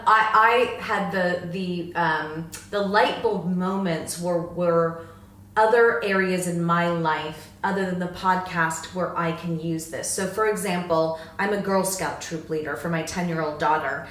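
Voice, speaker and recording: A woman's voice: fairly low pitch, steady tone, a little slow, a bit bright. A woman in her thirties co-hosting a podcast, chatting casually in a friendly, enthusiastic way. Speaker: podcast co-host. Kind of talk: casual chat. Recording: echoey room.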